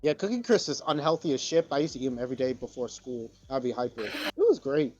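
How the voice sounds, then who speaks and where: A man's voice: mid-range voice, big pitch swings, fast talker, darkish tone, dull audio, soft background music. A man co-hosting a podcast in casual chat, rambling and profane. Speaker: podcast co-host.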